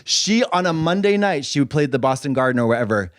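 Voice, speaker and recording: A man's voice: fairly high pitch, expressive, fairly quick, very noisy. A man in casual podcast chat, campy and exclamatory, laughing often. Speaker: podcast co-host or guest.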